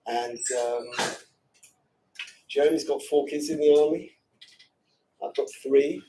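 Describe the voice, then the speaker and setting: A man giving an emotional Torah lecture to a women's seminary class, swinging from hushed and choked to shouting. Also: fairly high pitch, fairly even intonation, slow pace, gravelly, slight background noise. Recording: distant from the mic.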